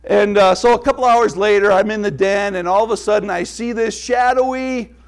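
A middle-aged male pastor giving a sermon, telling family stories with laughs and dropping to a hushed tone for prayer. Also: sits high, fairly even intonation, brisk.

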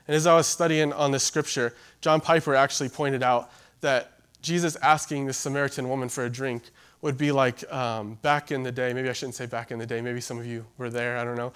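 A man preaching a sermon in a relaxed, conversational way, with fillers and asides to the congregation. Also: medium pitch. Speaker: pastor.

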